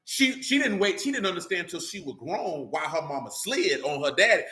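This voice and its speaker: This is a religious group speaker in casual, unscripted conversation: a man who is blunt, full of profanity, and keeps asking "you know what I'm saying." He has a high-pitched voice with big pitch swings, a moderate pace, and a pushed, bright quality. The recording carries a roomy echo.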